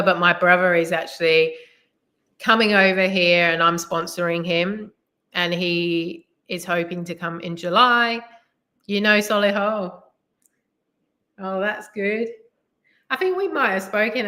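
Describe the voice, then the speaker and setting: A woman's voice: lowish voice, pushed and bright. A middle-aged woman from England with an English accent, chatting casually on a live stream in a rambling way, full of "like" and "you know". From England, West Midlands. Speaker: live-streaming delivery driver. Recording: roomy echo.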